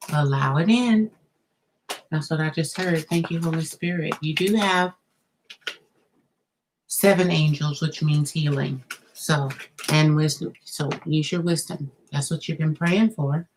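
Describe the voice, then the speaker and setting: A woman reads tarot cards live for her viewers in a notably deep, low voice. She thinks out loud and reacts to each card with gasps and laughter. A faint hiss of noise sits behind her. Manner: talks straight to the viewer, thinking aloud. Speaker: tarot reader. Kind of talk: live-streamed tarot reading.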